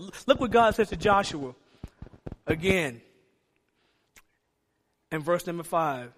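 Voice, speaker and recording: A man's voice: sits high, expressive, slow pace, a bit bright, slight background noise. A man preaching a sermon in a church, emphatic, asking the congregation rhetorical questions. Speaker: pastor. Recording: long hall reverb.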